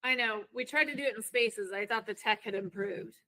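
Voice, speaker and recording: A woman's voice: a little high, fairly quick, pushed and bright, no room sound, poor audio. A woman co-hosting a podcast in casual, playful chat, often laughing. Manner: playful, giggly. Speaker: podcast co-host.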